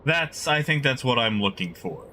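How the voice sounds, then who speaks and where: A male game streamer talking casually to his live chat. He rambles and thinks out loud, and his voice swings up and down freely. The tone is bright and forward. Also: medium pitch, expressive, normal speed, a little hiss or hum. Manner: rambling, chatty, musing aloud to chat.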